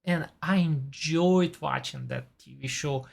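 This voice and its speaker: Woman in her forties, non-native English accent, slow and gravelly, easygoing TV-review chat. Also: low-pitched, a little mellow. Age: 40s. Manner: chatty, enthusiastic about actors. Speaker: TV and movie reviewer. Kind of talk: casual chat.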